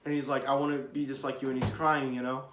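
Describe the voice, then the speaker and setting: A man's voice: medium pitch, fast, background noise. A young man chatting casually about his favorite anime moments, rambling and restarting. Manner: rambling, restarts, grows excited and loud. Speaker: anime commentator. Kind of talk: casual ranking chat. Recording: echoey room.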